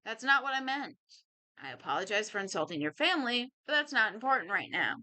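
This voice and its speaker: A woman's voice: a little high, sing-song, brisk, sharp tone. Woman voicing a polite, anxious husband. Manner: formal and apologetic.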